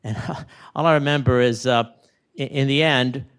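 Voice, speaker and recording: A man speaking at a memorial service in a retirement community room, telling rambling, animated stories about a late neighbor. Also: medium pitch, normal speed, smooth. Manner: rambling, animated anecdotes with acted-out quotes. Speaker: neighbor giving a eulogy.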